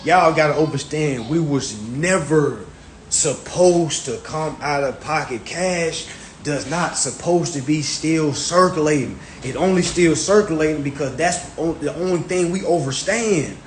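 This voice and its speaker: A man's voice: a little high, measured pace. A man talking casually on a livestream, emphatic and profane, often repeating his phrases. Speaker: social media livestreamer. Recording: echoey room with faint background noise.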